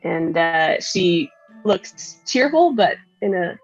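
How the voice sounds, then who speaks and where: A woman player describing her character, hesitant and casual, her voice slightly low. Her mic sounds dull and lo-fi, with faint music underneath. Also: lively intonation, takes it slowly, slightly rough. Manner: hesitant, casual, many fillers.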